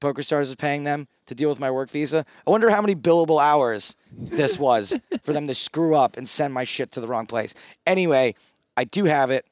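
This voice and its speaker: A man's voice: on the high side, expressive, a little fast, dry recording. Man, thirties, casual podcast storyteller, rambling and self-mocking, dry close sound. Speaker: podcast co-host.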